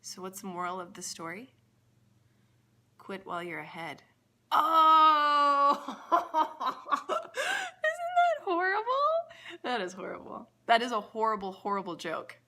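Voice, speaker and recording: A woman mindset coach in a casual motivational vlog, animated and laughing at her own jokes. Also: fairly low pitch, moderate pace.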